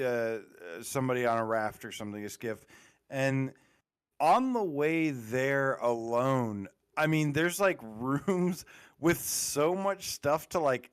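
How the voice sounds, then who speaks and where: Southern American man guesting on a podcast, mid-pitched, smooth and clear, rambles with lots of fillers. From Southern United States. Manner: rambling, laughing, full of fillers. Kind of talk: casual podcast chat.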